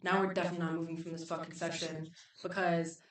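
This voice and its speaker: A woman with a fairly low voice tells a night-out story, swearing freely and acting out each exchange. The mic sits back from her, so the sound is distant and roomy. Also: fast talker, a little hiss or hum. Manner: animated, profane, filler-heavy, acts out dialogue. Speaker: podcast guest, club promoter. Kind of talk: casual storytelling.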